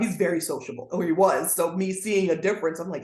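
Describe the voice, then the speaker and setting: A woman's voice: on the low side, fast, hardly any pauses, a little mellow. A woman guest educator speaking earnestly in a conversational interview, now and then acting out the voices she quotes. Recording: roomy echoey sound.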